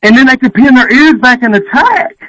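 A man's voice: very high voice, animated, brisk, sharp tone, no echo, low-quality recording. A man calling in to a sports radio show, fired-up and blunt, swearing freely. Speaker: caller.

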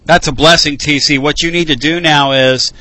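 A man hosting a call-in sports radio show, folksy and animated. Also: fairly high pitch, normal speed, dry recording, poor audio. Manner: animated, folksy, laughs freely.

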